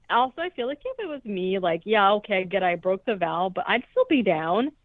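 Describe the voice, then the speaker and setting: A woman's voice: mid-range voice, very animated, moderate pace. A woman co-host tells a movie plot in a loose, chatty ramble, swearing freely and filling gaps with "like." Her voice comes through thin and tinny, as if over a phone line. The sound is dry, with no room echo. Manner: chatty, profane, peppered with "like". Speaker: podcast co-host. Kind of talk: casual movie recap.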